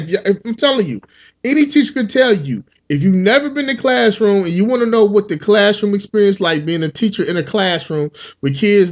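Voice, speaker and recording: A man hosting a comedy podcast, riffing in an animated, profane monologue. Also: high-pitched, lo-fi sound. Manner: animated, profane, slips into character voices.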